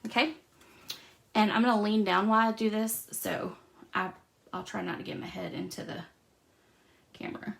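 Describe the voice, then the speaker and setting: A woman's voice: medium pitch, steady tone, moderate pace, gravelly, long pauses, a bit bright. A middle-aged woman hosting a live craft demonstration, chatting casually as she stamps, cuts and explains each step. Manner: chatty, talks while working with hands. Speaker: crafting host.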